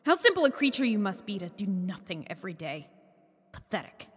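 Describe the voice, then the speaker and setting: An actress playing a blunt, profane young changeling who bargains with a fae ruler in an audio drama. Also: female voice, mid-range voice, very animated, fairly quick, husky, in a large hall. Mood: bargaining. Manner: blunt, sharp-tongued, profane.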